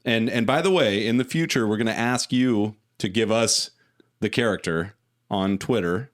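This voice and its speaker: A man co-hosting a podcast in casual chat, joking and teasing his partner. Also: lowish voice. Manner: joking, drawn-out asides. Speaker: podcast co-host.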